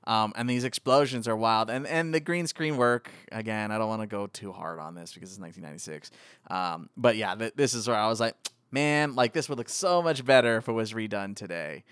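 A man talking casually with friends about an old action movie, his voice quick to leap up high when he jokes. He talks loosely with lots of fillers, recorded close and dry with no room sound. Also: smooth, no room sound. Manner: animated, jumps into high excited voices when joking.

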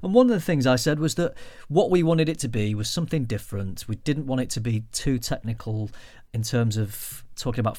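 A man's voice: medium pitch, darkish tone, no echo, clean studio sound. A man co-hosting a podcast, chatting casually and rambling a little with restarts. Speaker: podcast co-host.

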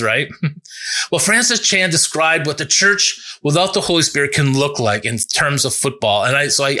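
A male pastor giving a sermon in an earnest, conversational way, building to emphatic peaks and dropping low for reflective points. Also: bright, forceful tone. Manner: earnest, conversational preaching with restarts and rising emphasis.

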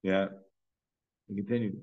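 A man's voice: low-pitched, flat delivery, a little slow, husky. A man teaching a casual Torah class, talking loosely with lots of fillers and Hebrew terms. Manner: chatty, many fillers, mixes in Hebrew and Yiddish terms. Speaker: rabbi teaching a Talmud class. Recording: dull, lo-fi class recording.

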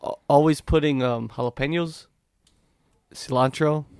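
A man with a Chicago accent, laid-back and halting in a casual group chat. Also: a little high, steady tone, a little mellow, clear, resonant tone, dry recording, studio quality.

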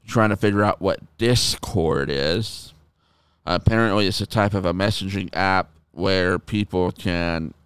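A man hosting a podcast in casual chat, telling stories in an animated way and swearing freely. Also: deep voice, clear, resonant tone, dry recording. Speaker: podcast host.

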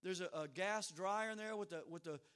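Middle-aged male pastor, high voice, animated storytelling sermon with comic asides and bursts of volume. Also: a little fast, smooth. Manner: animated storytelling with sudden loud outbursts; humorous asides.

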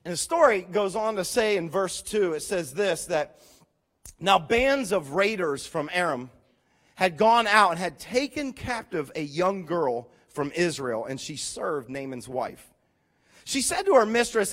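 Lively high-voiced male preacher. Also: normal speed. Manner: animated storytelling, voicing characters, rising to loud emphasis. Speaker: pastor. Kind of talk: sermon.

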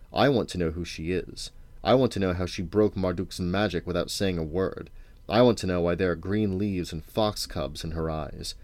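A man's voice: deep voice, darkish tone, no room sound. A man reading aloud as an old, menacing king who mutters and demands answers.

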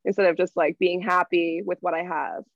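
A woman's voice: on the low side, fairly even intonation, moderate pace, creaky, no room sound, lo-fi sound. A young adult woman guest in casual chat, frank and laughing often, with some swearing, heard through an earbud mic. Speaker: podcast guest.

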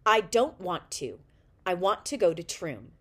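An eager little boy, read aloud by a woman in a storybook, stubborn and insistent when he wants something. The voice lifts a bit higher than the narration, bright with want. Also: sing-song, normal speed. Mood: pleading.

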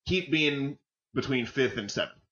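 A man's voice: medium pitch, lively intonation, takes it slowly, fairly bright tone. A man co-hosting a football podcast in casual, joking chat, swearing freely and rambling between points. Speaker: podcast co-host, football fan. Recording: dull lo-fi audio.

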